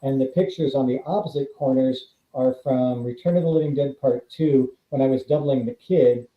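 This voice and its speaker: A man's voice: mid-range voice, moderate pace. A man, a guest actor and author, chatting casually and acting out the voices in his stories. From California. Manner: animated storyteller, acts out quoted voices. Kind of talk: casual interview chat. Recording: dull, roomy remote audio.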